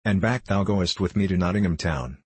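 A wheedling, flattering messenger coaxing in old-fashioned speech, as a man reads him aloud. The voice sits low and a little husky. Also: brisk.

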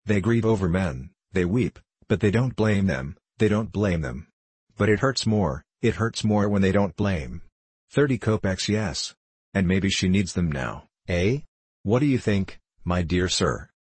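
A man's voice: deep voice, animated, a little slow, a little mellow, husky, no echo, exaggerated voice. A man voicing a drunken, self-pitying middle-aged former clerk in an audiobook, rambling and pleading, rising to fervent declaiming. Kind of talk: audiobook character reading.

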